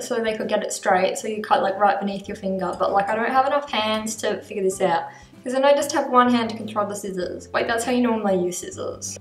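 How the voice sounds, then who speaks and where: A young woman vlogging at home, talking to the camera in a nervous, rambling, self-mocking way while she cuts her own hair. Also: fairly high pitch. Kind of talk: casual talk to camera. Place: home bathroom. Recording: echoey bathroom, mic at a distance.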